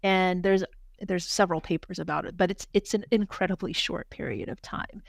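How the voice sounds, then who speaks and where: A woman who is a hospital doctor, speaking as a guest in a podcast interview, talking fast and earnestly, with many restarts and repeated words. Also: on the low side, steady tone, creaky, no echo, clean studio sound. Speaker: hospital physician executive, guest.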